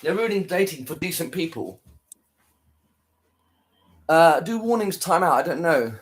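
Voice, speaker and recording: Man, exhausted, rambling, repeats himself, slightly high voice, casual chat to viewers. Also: lively intonation, unhurried. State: tired, worn out. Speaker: live streamer. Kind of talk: casual chat to viewers after a live stream.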